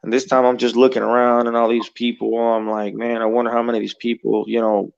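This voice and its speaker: A man's voice: medium pitch, completely flat delivery, fast talker, creaky, clear, resonant tone, dull audio. A man telling a story in a casual, rambling way, swearing freely and filling gaps with "you know.". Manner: rambling and profane, heavy on "you know" fillers. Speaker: guest telling an encounter story.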